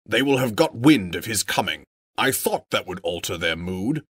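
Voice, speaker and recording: A man's voice: lowish voice, sing-song, fairly bright tone, breathy edge, dry recording, clean studio sound, exaggerated voice. A man voicing a proud, stern male dwarf king, grave and commanding. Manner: grave, commanding, quick to wrath.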